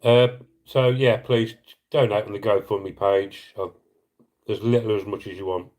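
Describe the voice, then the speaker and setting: A man's voice: lowish voice, fairly even intonation, normal speed, darkish tone, low-quality recording. A middle-aged man on a casual live stream, earnestly and emotionally appealing for donations, rambling and apologising as he reads comments.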